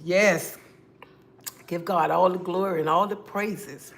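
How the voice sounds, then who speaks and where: A woman's voice: fairly low pitch, fairly even intonation, takes it slowly, creaky. A woman hosting her own livestream, greeting viewers by name and talking casually about faith and her life. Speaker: livestream host.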